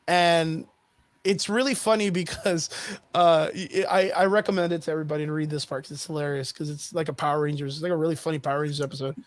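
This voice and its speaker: Excitable, high-voiced man recapping comics. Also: quick pace, no echo. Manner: animated, profane storytelling with many fillers. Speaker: podcast guest. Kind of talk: casual chat.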